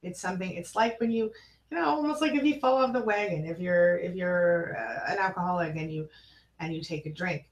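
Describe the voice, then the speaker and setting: A woman hosting a live coaching stream, chatting with viewers and reading their comments aloud in a warm, familiar way. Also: lowish voice, fairly quick. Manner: warm, chatty, calls viewers girl and honey. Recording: echoey room.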